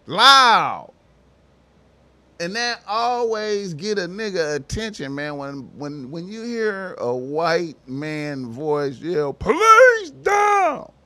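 Guy ranting solo, slangy and cussing, bright voice, slightly high, slow drawl. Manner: slangy, swearing, emphatic; mimics voices with loud shouts. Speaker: commentator. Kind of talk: casual monologue.

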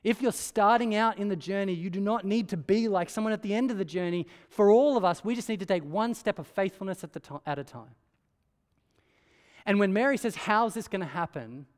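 A man's voice: high-pitched, brisk, darkish tone. A man preaching a sermon in a conversational way, often asking rhetorical questions. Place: church hall. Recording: long church-hall reverb.

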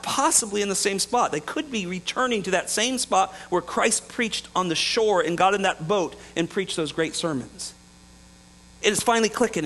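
A man's voice: sits high, a bit bright, poor audio. A man preaching a conversational sermon, chuckling and acting out little dialogues as he explains the passage. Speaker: pastor. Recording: mains hum in the background.

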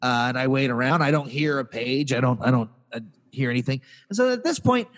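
A podcast co-host launches into an exasperated, comic rant, telling a casual story and acting out the people he quotes in raised voices. He speaks briskly in a mid-range voice with lively intonation, and a long reverb tail trails his words.

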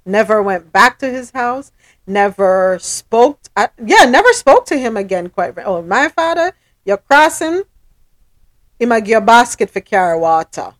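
A woman's voice: on the high side, very animated, moderate pace. A woman hosting a casual talk show, venting her frustration, apologizing to her listeners and speaking emphatically. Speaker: podcast host.

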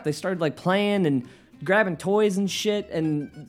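A man hosting his own podcast from his living room, rambling and swearing, often flaring into yelling. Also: high-pitched, normal speed, faint music behind. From United States. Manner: profane, rambling, flares into yelling. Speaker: podcast host and stand-up comedian. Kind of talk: solo podcast rant.

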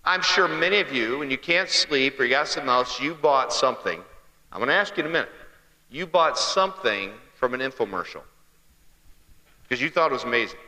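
A man's voice: medium pitch, animated, fairly quick, pushed and bright, reverberant, big-room sound, low-quality recording. A man giving a humorous sermon, telling stories and asking the congregation questions in a conversational way. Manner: conversational storyteller, asks the crowd questions.

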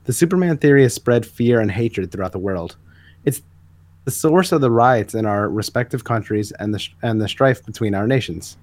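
A man co-hosting a comic book podcast, reading a hero's speech aloud in an earnest, measured way, a little back from the mic. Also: mid-range voice, expressive, a little mellow, dry recording. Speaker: podcast co-host.

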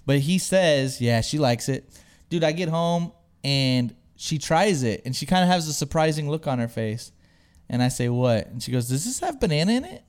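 A man's voice: medium pitch, moderate pace, clean tone. A young man hosting a podcast, telling a story in casual chat, acting out what people said and saying "dude" a lot. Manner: animated storyteller, says "dude" a lot, acts out quotes. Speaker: podcast host.

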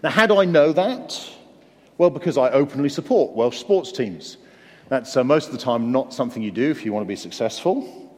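Lively earnest male preacher in a reverberant hall. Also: medium pitch, fairly quick. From England. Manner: earnest, conversational with self-deprecating humor. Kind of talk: sermon.

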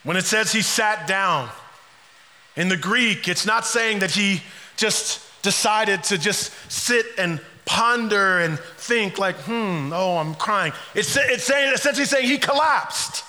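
Very high-voiced, bright preacher man. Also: measured pace, long reverb tail. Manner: dramatic swings between soft quiet passages and shouted climaxes. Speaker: pastor. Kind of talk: sermon.

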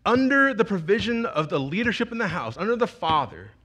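A man's voice: high voice, very animated, brisk, pushed and bright. A young man giving a sermon as a youth pastor, telling a personal story in a conversational, emotional way with frequent restarts.

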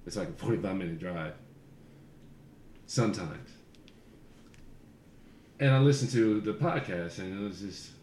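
A man's voice: fairly low pitch, darkish tone, a little hiss or hum. A man co-hosting a podcast, telling stories in casual chat, swearing freely and laughing often. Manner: profane, laughs often through his stories. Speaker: podcast co-host. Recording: roomy echo.

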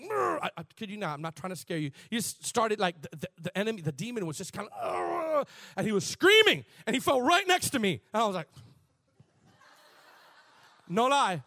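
A man preaching a sermon in an animated, conversational way, shifting from soft asides to shouts. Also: high-pitched, moderate pace, dry recording, studio quality. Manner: conversational, laughs and repeats words. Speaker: pastor.

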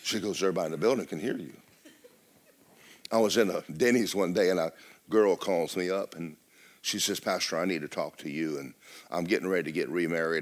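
A middle-aged man delivers a sermon in a church, his voice sitting on the low side. He preaches loudly and with life, then suddenly drops to a near whisper. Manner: loud, lively preaching with sudden drops to a hush. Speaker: pastor.

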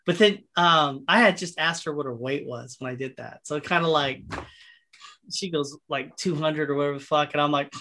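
A man's voice: on the high side, moderate pace, sharp tone. A man in casual podcast chat, telling a rambling, profane anecdote and acting out the people in it. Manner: rambling, profane, acts out voices in his anecdotes.

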